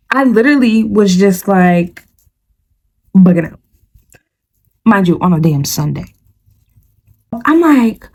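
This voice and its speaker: A woman's voice: medium pitch, unhurried, pauses often. A young woman vlogger telling a story in casual, slangy speech, talking straight to her viewers. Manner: animated and slangy, addresses viewers as "you guys" and "y'all".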